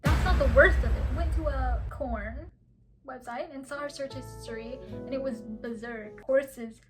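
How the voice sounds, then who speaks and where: A young woman chats through confessions in a high, bright-toned voice, laughing often and reacting with big dramatic swings. Loud music plays behind her the whole time. It is a casual vlog delivery. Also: measured pace. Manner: animated, giggly, dramatic reactions. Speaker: vlogger reading confessions. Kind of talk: casual chat.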